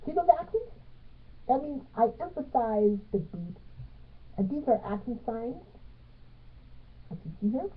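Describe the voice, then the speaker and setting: Female music teacher, unhurried and halting, counts beats aloud; narrow lo-fi audio. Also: a little high, very animated, husky. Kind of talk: piano music theory tutorial. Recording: tinny phone-like sound.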